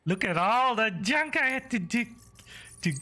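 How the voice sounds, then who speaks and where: Brief: foul-mouthed gaming streamer, bright voice that swings wildly in pitch, loud swearing rants. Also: expressive, a little slow. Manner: loud, swearing outbursts of frustration. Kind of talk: profane ranting game commentary.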